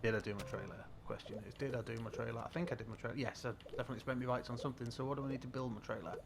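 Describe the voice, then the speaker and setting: A man's voice: medium pitch, steady tone, rapid-fire, vocal fry, noisy background. British man muttering through a game stream. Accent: British English. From Britain. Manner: muttering to himself while playing. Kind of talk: casual live-stream commentary.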